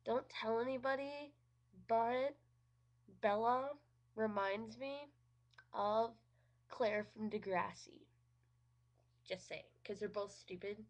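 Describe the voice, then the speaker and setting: A woman with a higher voice speaks slowly, often pausing, as she delivers a casual, sarcastic movie review. She swears without restraint and says "like" over and over.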